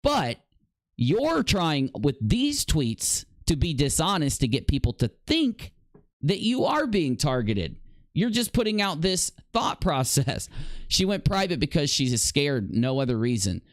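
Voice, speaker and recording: A man's voice: a little high, wildly swooping pitch, unhurried, dry recording. A man giving accusatory, sarcastic reaction commentary over a video, with profanity. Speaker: commentary YouTuber.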